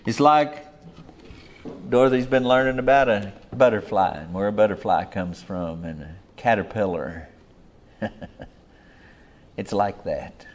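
A man preaching a sermon in a folksy, emphatic way, swinging between loud and hushed lines. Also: on the low side, unhurried, slight background noise.

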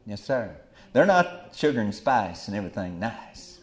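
Delivering a fiery Bible sermon at normal speed, a middle-aged man swings widely in pitch. Quiet murmurs give way to sudden loud outbursts.

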